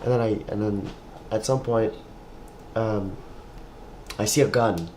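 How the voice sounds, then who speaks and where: A man's voice: lowish voice, unhurried, a little mellow, a little hiss or hum, poor audio. A young man co-hosting a casual podcast, telling a rambling story with restarts and swearing. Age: young adult. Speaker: podcast co-host. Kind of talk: casual chat.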